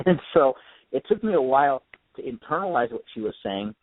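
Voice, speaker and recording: This medium-pitched man is very animated and talks at a normal speed, with slight background noise behind him. He's from California and shares his life story earnestly as a radio interview guest, heard through a dry, tinny phone connection.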